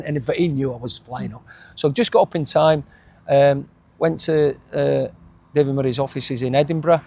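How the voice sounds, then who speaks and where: A man's voice: medium pitch, normal speed, vocal fry, darkish tone, no room sound. A middle-aged man with a Yorkshire accent, a former footballer reminiscing in a casual interview, rambling with frequent restarts and chuckles. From England.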